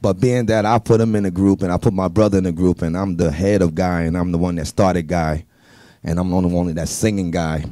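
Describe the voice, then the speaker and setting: A middle-aged man in an interview who speaks bluntly and with emphasis. His voice is low and mellow, and the recording is dry and close. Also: fairly even intonation, a little fast, no room sound. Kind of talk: interview talk.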